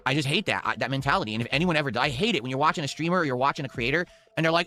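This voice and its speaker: A man streamer rants at a breakneck pace, cursing as he goes. His voice is bright and tense and sits a touch high. Faint music plays underneath. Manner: fast, heated, swearing rant. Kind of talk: ranting stream commentary.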